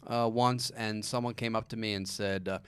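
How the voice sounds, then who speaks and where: A man who is a stand-up comedian, chatting as a guest on a podcast in a halting, self-deprecating, deadpan way, often restarting his sentences. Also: on the low side, smooth, dry recording. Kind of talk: casual podcast chat.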